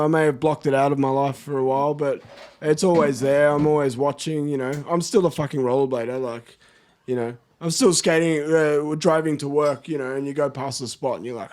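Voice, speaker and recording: Laid-back Australian man, slightly high voice. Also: a little mellow. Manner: laid-back, swears freely. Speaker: podcast guest. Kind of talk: casual chat.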